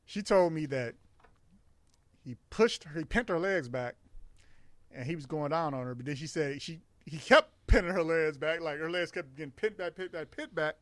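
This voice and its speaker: A man's voice: a little high, normal speed, fairly bright tone, dry recording. A middle-aged man co-hosting a podcast, telling loose, crude stories in casual chat and laughing often. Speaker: podcast co-host.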